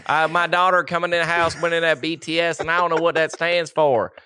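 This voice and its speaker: A man's voice: on the high side, steady tone, fairly quick, pushed and bright, clean tone, voice pushed up. A man voicing a suspicious, churchy Southern father with a put-on folksy drawl and a voice raised above his own. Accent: American Southern (put on). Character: suspicious Southern small-town dad, churchy and wary.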